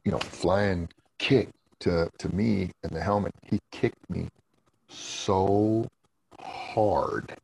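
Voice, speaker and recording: A former wrestler telling rambling stories in a casual interview, laughing often and swearing freely. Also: male voice, sits low, takes it slowly, gravelly, a little mellow, husky, dry recording, poor audio.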